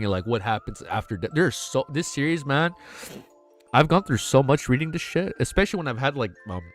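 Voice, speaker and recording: Emotional streamer stumbling through a read-aloud. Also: male voice, on the low side. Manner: emotional, stumbling over words, laughing at own misreads; casual, slangy, says man and dude a lot. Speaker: streamer reading a novel aloud.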